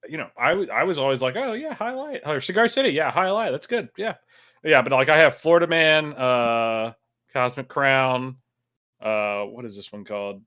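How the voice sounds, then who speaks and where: A man's voice: medium pitch, expressive, normal speed, sharp tone. A man co-hosting a casual podcast, chatting with frequent hesitations. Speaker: podcast co-host. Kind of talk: casual chat.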